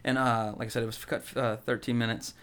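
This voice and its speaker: A young man co-hosting a podcast, chatting casually about a movie in a rambling, excitable way. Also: mid-range voice, clear, resonant tone. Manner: rambling, excitable, quick with jokey impressions. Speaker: podcast co-host.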